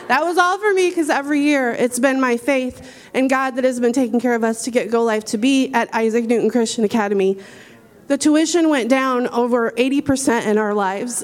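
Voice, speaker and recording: A woman giving a spontaneous church testimony, quick and halting, with fillers. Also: fairly high pitch.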